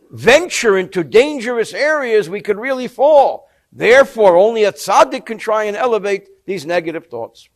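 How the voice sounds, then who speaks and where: High-voiced man teaching a text. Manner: expressive storytelling, explains Hebrew terms in English. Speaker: Torah teacher. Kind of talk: textual study lesson with storytelling.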